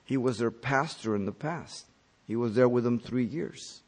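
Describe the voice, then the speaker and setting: A man preaching a verse-by-verse sermon, explaining the text in an emphatic teaching manner, with his pitch lifting sharply on key words and then falling. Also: normal speed, darkish tone. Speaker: pastor. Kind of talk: expository sermon.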